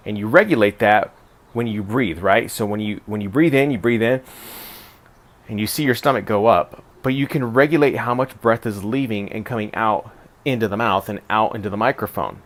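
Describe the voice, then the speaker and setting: A man who works as a radio broadcaster and podcast producer, giving relaxed, conversational advice to camera with occasional restarts. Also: fairly low pitch, brisk. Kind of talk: instructional talk to camera.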